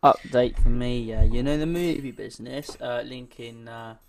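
A man's voice: medium pitch, moderate pace, gravelly, a little hiss or hum. A young man co-hosting a casual podcast, tossing in joking side comments. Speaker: podcast co-host. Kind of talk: casual chat.

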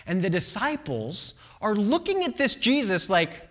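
A preacher delivers a sermon with a lively, swooping voice, moving between loud bursts and near-whispers. The pace is slow and deliberate, and the speaker keeps checking in with the listeners through questions. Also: medium pitch. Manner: animated storyteller who acts out quotes.

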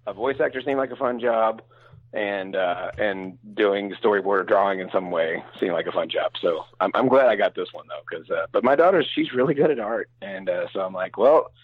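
A man's voice: on the low side, lively intonation, a little fast, dry recording, narrow, tinny audio. A middle-aged man who works as a voice actor, chatting casually and rambling with frequent laughs. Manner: easygoing, laughs often, rambling asides. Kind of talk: casual conversation.

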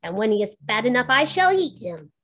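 A woman voicing a wicked, cruel old witch in a storybook reading, speaking slowly and drawing out her words. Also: a little high, big pitch swings, fairly bright tone. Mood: harsh.

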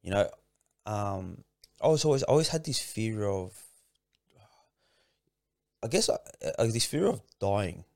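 A man's voice: fairly low pitch, lively intonation, a little slow, vocal fry, pauses often, darkish tone, no echo, clean studio sound. A man talking as a podcast guest in a casual, heartfelt way. He repeats words and restarts his sentences often, and calls the host "man" and "bro".

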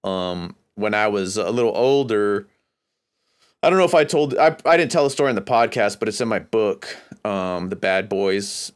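Smooth-voiced man telling a rambling story. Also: fairly low pitch, lively intonation, moderate pace. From California, USA. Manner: rambling, profane, laid-back. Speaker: podcast host. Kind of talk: casual storytelling monologue.

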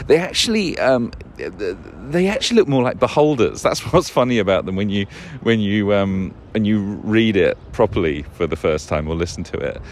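In a rambling, casual solo talk, a man with an expressive, lowish voice speaks at normal speed, with a little hiss or hum in the recording. The podcast host keeps losing words, correcting himself, cursing and chuckling.

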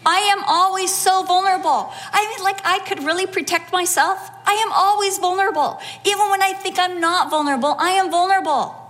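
A middle-aged woman preaching a sermon, telling a personal story with animated, acted-out quotes. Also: very high voice, a little fast, few pauses.

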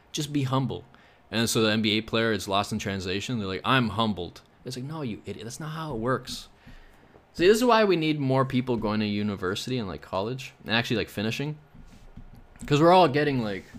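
A man's voice: medium pitch, fairly bright tone. A young man from Canada hosting his own podcast, rambling casually with sarcastic jokes and asides. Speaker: podcast host. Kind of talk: casual solo podcast chat.

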